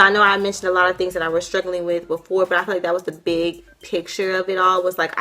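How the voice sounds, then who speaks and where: A woman's voice: lowish voice, pushed and bright. A young woman giving an emotional personal testimony, earnest and heartfelt, with many casual fillers. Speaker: vlogger sharing her testimony.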